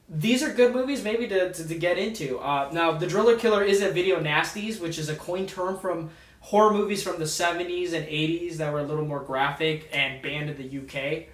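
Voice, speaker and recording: A man's voice: a little high, fairly bright tone. A man talks through a horror movie review in a loose, rambling manner, stopping and restarting his sentences often. His voice sits a touch above the typical male range. The sound is roomy and echoey, as if the mic is well away from him. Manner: rambling, lots of ums and restarts. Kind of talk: casual movie review vlog. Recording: echoey room, distant mic.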